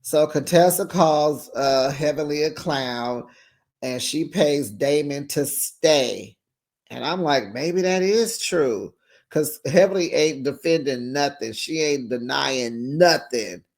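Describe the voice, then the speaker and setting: A woman hosts a casual reality-TV recap show, chatty and sassy, laughing often and acting out quotes. She has a bass voice, a slow pace and a slightly mellow sound.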